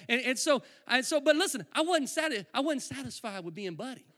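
A male preacher telling a humorous personal testimony from the pulpit, full of animated storytelling and comic asides. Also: extremely high pitch, normal speed, few pauses.

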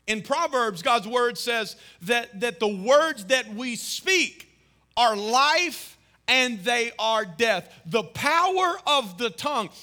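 A man's voice: very high voice, animated, takes it slowly. A man in his thirties preaching a sermon as pastor, telling family stories with emphatic, rising exclamations. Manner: emphatic, storytelling, rises to loud exclamations.

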